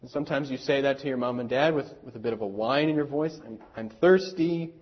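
Earnest preacher man, husky voice. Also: medium pitch, lo-fi sound. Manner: earnest, slow and deliberate, with dramatic pauses; speaks directly to children in the congregation. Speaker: pastor. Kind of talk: sermon.

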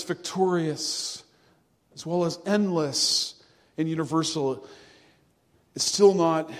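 High-voiced preacher in a reverberant hall. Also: male voice. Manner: earnest, measured preaching with slow, drawn-out emphasis. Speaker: pastor. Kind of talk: sermon.

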